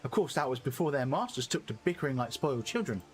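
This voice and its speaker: A man voicing a cheerful little male moogle, reading game dialogue aloud in a squeaky, bouncy voice. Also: very animated, quick pace, soft background music, natural voice. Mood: chirpy.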